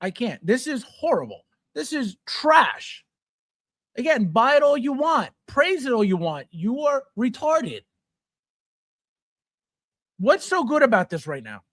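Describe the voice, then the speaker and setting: A man's voice: very high-pitched, very animated, measured pace, pauses often, fairly bright tone, no echo, clean studio sound. A man hosting a collectibles channel, ranting bluntly and scornfully about a figure, profane and sarcastic. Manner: repetitive, sarcastic jabs at viewers.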